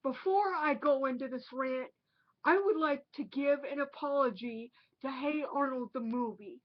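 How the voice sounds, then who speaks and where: High-voiced, indignant woman ranting. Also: moderate pace, highs cut off. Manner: indignant, emphatic, repeats herself for effect. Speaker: online movie reviewer. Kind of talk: ranting film review.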